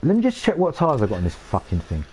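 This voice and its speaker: A young man streams his gameplay live, talking to viewers fast at medium pitch with wildly swooping intonation over crowd noise. His commentary is casual, full of swearing, and he flares up in frustration.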